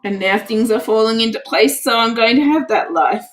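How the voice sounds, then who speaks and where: A woman hosting a casual crafts livestream, emotional and teary, repeating herself with excitement. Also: on the high side, moderate pace, faint music behind, poor audio. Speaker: crafts channel host.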